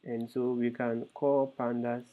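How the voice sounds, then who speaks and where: A man's voice: medium pitch, level tone, a little slow. Man teaching over tinny call audio. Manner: hesitant, many fillers and restarts, explaining step by step. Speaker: instructor. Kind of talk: live coding lesson.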